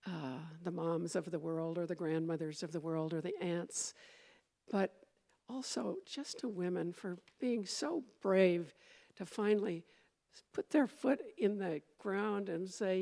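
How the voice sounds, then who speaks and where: Lady minister chatting thru a sermon, kinda rambling, warm dark voice w some fry. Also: lowish voice, measured pace. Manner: conversational and meandering, with fillers and restarts.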